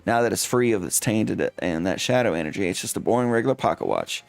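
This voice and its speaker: A man's voice: fairly low pitch, lively intonation, quick pace, vocal fry, dry recording. A man streaming a game, reading its text aloud with dramatic flair and playful asides.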